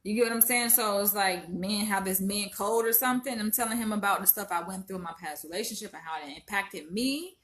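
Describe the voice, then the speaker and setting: A woman in her twenties from Florida talks straight to her viewers, calling them "y'all" and swearing freely. Her voice is bright and tense, with pitch in the middle range. She is upset and holding back tears as she vents. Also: brisk, few pauses. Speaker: vlogger. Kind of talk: casual venting to camera.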